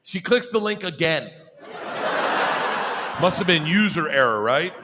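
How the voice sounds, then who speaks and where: A man telling a stand-up story, laughing as he goes and shouting the punchlines. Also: a little high, animated, a little slow, very noisy. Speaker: stand-up comedian.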